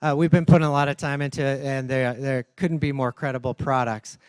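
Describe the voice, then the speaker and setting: A man's voice: medium pitch, steady tone, a little fast, clear, resonant tone. A man hosting a conference session on stage, bantering with guests and rallying the audience. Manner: upbeat, rallies the audience. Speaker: conference host. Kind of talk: upbeat emcee patter. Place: large conference hall on stage.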